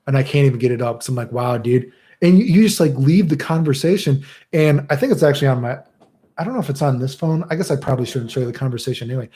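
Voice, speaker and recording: A man's voice: mid-range voice, lively intonation, very fast, warm tone. A young man chatting casually as a streamer answering chat, crude and rambling, swearing a lot.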